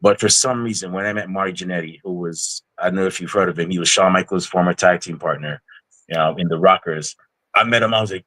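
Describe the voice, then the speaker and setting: Low-voiced rambling male podcast host. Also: quick pace, bright, forceful tone, rough recording. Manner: rambling, fills with "you know" and repeats words. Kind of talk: casual interview chat.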